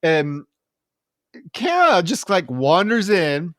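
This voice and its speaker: A man co-hosting a film podcast, recapping the plot in casual chat, animated and profane, laughing often. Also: a little high, normal speed, dry recording, studio quality. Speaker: podcast co-host.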